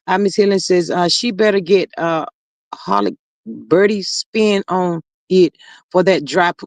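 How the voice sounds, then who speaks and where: A woman hosting a livestream in casual chat, reading comments aloud in a chatty, drawling way that swings high and low. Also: sing-song, a little slow, gravelly, dry recording.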